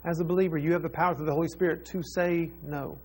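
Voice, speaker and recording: A man's voice: on the high side, fairly even intonation, fast talker, slightly rough. A man preaching a sermon as pastor, earnest and repeating phrases for emphasis.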